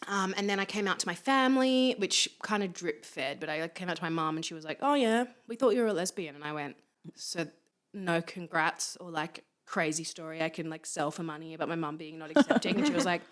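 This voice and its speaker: A woman's voice: deep voice, fairly quick. A woman telling stories as a podcast guest in a casual chat, acting out quoted people with bursts of laughter. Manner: animated storyteller, acts out quotes with laughter.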